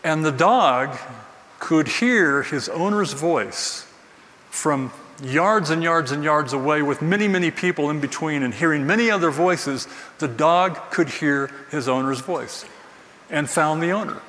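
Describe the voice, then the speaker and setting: Preaching with earnest conviction at a measured pace, the man keeps circling back to his key lines. His voice is on the high side and fairly bright; the recording comes from a distant mic in an echoing church hall with faint noise.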